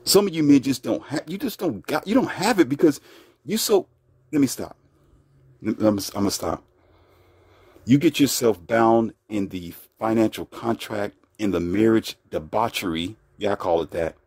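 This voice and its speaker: A man's voice: lowish voice, animated, normal speed, creaky, darkish tone, husky, dry recording, clean studio sound. A man giving relationship commentary in a blunt, brash, lecturing manner. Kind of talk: casual commentary monologue.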